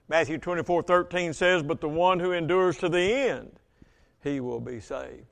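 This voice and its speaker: High-voiced preacher slowing for emphasis. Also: male voice. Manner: reads scripture aloud, slows for emphasis, asks congregation questions. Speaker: Baptist pastor. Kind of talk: sermon.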